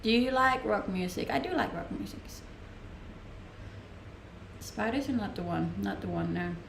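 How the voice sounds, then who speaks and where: A woman's voice: mid-range voice, animated, normal speed, vocal fry, noisy background. A young woman from Denmark with a Danish accent, chatting casually on a live stream and answering viewers' questions, laughing often. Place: room at home, streaming. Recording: roomy home-mic sound.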